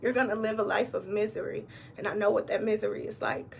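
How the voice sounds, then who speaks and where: A woman's voice: mid-range voice, fairly even intonation, fast, vocal fry, hardly any pauses, slight background noise. A young woman, a business coach, giving an emotional motivational talk to camera, repeating lines for emphasis. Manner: heartfelt, repeats lines for emphasis, tearful at times.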